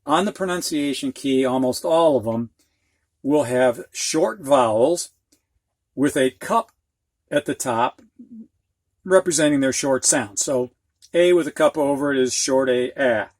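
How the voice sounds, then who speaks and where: A reading teacher with an American Midwest accent gives a slow lesson on dictionary pronunciation symbols, frank and plainspoken, drawing out sounds to demonstrate them. His medium-pitched voice is a little slow with frequent pauses, and the recording is dry.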